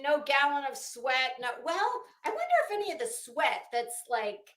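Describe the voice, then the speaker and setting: A woman's voice: sits high, very animated, moderate pace, fairly bright tone, roomy sound. A woman hosting a fashion gossip commentary show at home, telling a rambling, profane, self-mocking story while hot and sweaty. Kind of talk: casual chatty commentary.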